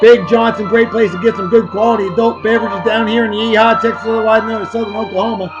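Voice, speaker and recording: A man's voice: sits high, steady tone, quick pace, lo-fi sound, loud music behind the voice. A man from Massachusetts with a Boston-area accent, hosting a casual beer-tasting vlog at his home desk in a hammy, jokey way. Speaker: beer review show host.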